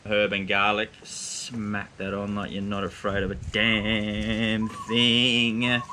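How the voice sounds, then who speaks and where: An easygoing man with a somewhat low voice walks viewers through grilling fish at an outdoor barbecue. He talks in a casual, brash way with a bit of mild swearing, like a vlog host showing his mates how it's done. A faint hiss of noise sits under his voice. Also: completely flat delivery, slow. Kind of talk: casual cooking demonstration.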